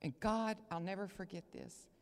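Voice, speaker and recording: A woman from Texas, preaching an emotional sermon, moving between loud proclaiming and hushed whispers. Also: medium pitch, normal speed. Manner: emotional, near tears. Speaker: guest preacher. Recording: long hall reverb.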